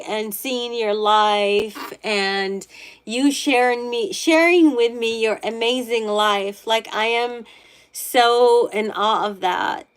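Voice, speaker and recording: A woman's voice: a little high, clean tone. A middle-aged woman reading tarot on a livestream and chatting casually with viewers, rambling and gushing with many restarts. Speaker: tarot reader, livestream host.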